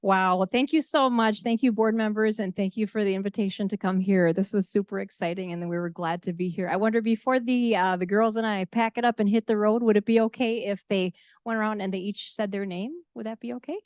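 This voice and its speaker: A woman's voice: medium pitch, steady tone, fairly quick, a little mellow, dry recording, clean studio sound. A woman leading a visiting student group, thanking a school board in an upbeat, chatty way. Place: school board meeting room.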